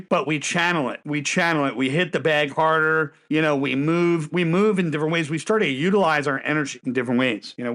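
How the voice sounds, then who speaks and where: A man's voice: a little high, a bit bright. A man giving a motivational self-help talk, emphatic and repeating key phrases for effect.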